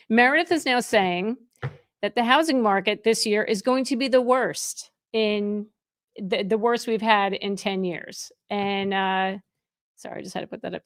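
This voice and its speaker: A woman's voice: mid-range voice, dry recording. Middle-aged woman chatting on a real estate live stream, gushy and chatty, lots of restarts, dry close sound. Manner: effusive and chatty, with frequent restarts. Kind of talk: casual live stream chat.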